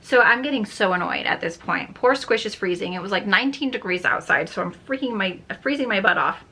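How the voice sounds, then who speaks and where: A woman's voice: medium pitch, animated, fairly quick, bright, forceful tone, breathy edge. A young woman beauty vlogger chatting casually while doing her makeup, telling a story in a chatty, exasperated way.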